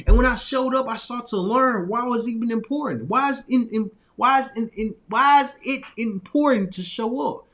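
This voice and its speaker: A man with an Arkansas Southern accent tells a personal lesson in a relaxed, conversational way. His voice sits high for a man, and his phrasing loops back on itself with easy laughs. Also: moderate pace, hardly any pauses. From Little Rock, Arkansas, US. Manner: loose, repetitive phrasing with frequent laughs and restarts. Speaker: motivational speaker. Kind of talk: casual storytelling talk.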